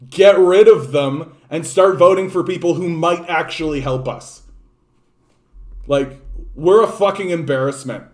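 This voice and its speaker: A man giving an angry, profane and sarcastic political rant, repeating himself for emphasis. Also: a little high. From Canada. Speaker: political commentator. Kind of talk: ranting political monologue.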